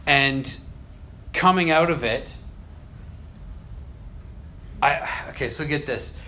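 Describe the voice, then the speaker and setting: Unhurried, this man retells scripture with energy during a relaxed conversation about faith, performing the quoted lines and laughing frequently. On the gentler points his voice goes soft and low, and there's slight noise in the background.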